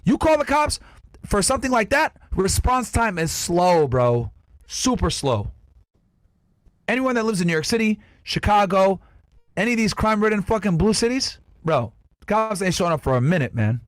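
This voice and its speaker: A man's voice: high-pitched, very animated, moderate pace, no echo. A man arguing in a mocking, combative way during casual chat.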